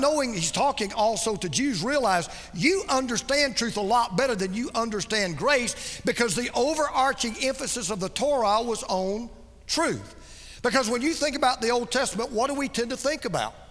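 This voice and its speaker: Emphatic high-voiced male preacher. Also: expressive, normal speed, long reverb tail. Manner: emphatic preaching, dropping to soft near-whispers for stress. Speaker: pastor. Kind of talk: sermon.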